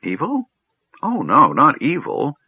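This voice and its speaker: A man's voice: a little high, wildly swooping pitch, takes it slowly, slightly rough, dry recording, voice pushed up, heavily acted. A man voicing an absent-minded old male wizard who talks in a distracted, muttering way, recorded on a narrow phone-like line. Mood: vague.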